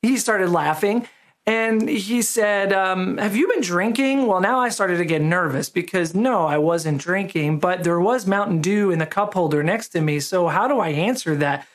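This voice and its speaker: Relaxed storytelling male pastor. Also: sits high, moderate pace. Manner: relaxed storytelling, self-deprecating humor. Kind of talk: conversational sermon with a personal story.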